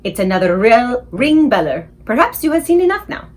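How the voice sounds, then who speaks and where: A woman voicing a big, gentle male giant who speaks in odd, ungrammatical English. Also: fairly high pitch, big pitch swings, fairly quick. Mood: musing. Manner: ungrammatical, earnest giant speech.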